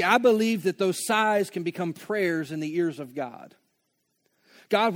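High-voiced preacher man. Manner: passionate, builds from hushed to loud. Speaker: pastor. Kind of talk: sermon.

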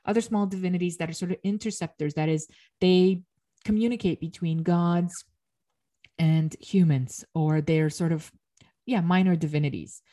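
A woman giving an explanatory lecture, retelling a myth and pausing to correct herself mid-phrase. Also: fairly low pitch, steady tone, dark tone.

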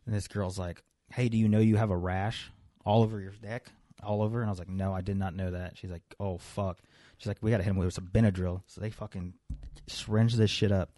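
A man's voice: low voice, fairly even intonation, a little fast, mellow, dry recording. A young man casually telling a long, profane story on a podcast and acting out the people in it. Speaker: podcast co-host.

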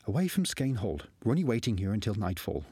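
A man voicing a suspicious, sharp-tongued young woman archer in a storybook reading. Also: on the low side, big pitch swings, quick pace, husky, dry recording, pitched above the performer's own voice. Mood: wary.

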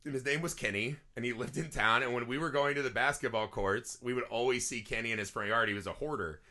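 Talking fast in a pushed, bright, medium-pitched voice, a man who grew up in a small farm town co-hosts a movie podcast. He swaps stories casually, curses frequently, and laughs as he speaks.

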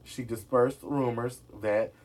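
A man's voice: mid-range voice, steady tone, slow pace, a little mellow. A man chatting casually to his viewers about celebrity gossip, sassy and direct, often calling them "y'all". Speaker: gossip vlogger.

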